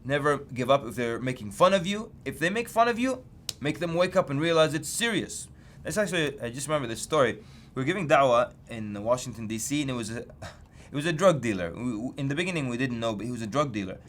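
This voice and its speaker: Lively man telling teaching stories. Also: quick pace, slight background noise. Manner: lively storytelling, pitch jumps for emphasis. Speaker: Islamic preacher teaching street outreach. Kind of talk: story-led lecture.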